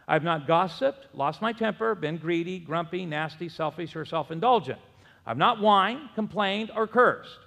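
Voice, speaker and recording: A middle-aged man preaching a sermon, telling stories in an animated way and leading the congregation in call-and-response. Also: high voice, creaky. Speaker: pastor. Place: church sanctuary. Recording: long church hall reverb.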